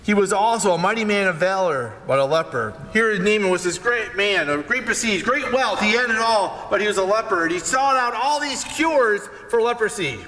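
Animated preacher in an echoing hall. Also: male voice, sits high, normal speed, few pauses. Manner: animated storytelling, acting out characters in paraphrase. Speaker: pastor. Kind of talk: sermon.

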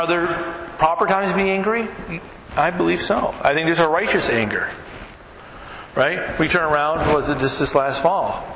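Conversational pastor preaching in an echoey hall. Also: male voice, a little high. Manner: conversational, keeps asking "right?"; tells stories with vivid, animated mimicry. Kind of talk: sermon. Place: church sanctuary. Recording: echoey hall, noisy room tone.

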